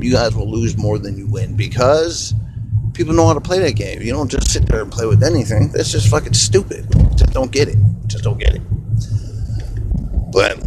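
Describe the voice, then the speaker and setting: A man's voice: a little high, background noise. A man hosting a podcast alone, delivering an angry, rambling, profanity-filled rant while driving a car. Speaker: podcast host. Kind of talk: profane ranting monologue.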